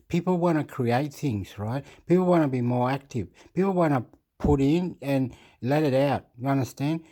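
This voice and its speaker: A man ranting off the cuff as a video commentator, excitable and profane, repeating himself and often clearing his throat. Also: mid-range voice, normal speed. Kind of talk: rambling off-the-cuff rant.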